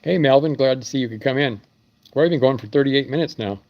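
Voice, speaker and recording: A man's voice: medium pitch, brisk, dull audio. A man who runs an engine machine shop, rambling through stories in a casual live stream. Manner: rambling storytelling with fillers.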